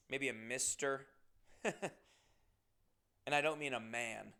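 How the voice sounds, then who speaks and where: A man's voice: mid-range voice, fairly even intonation, takes it slowly, creaky, long pauses, bright, forceful tone, slight background noise. A man hosting his own podcast, talking in a playful, rambling, self-mocking comic monologue. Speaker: podcast host. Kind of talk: casual comedic monologue.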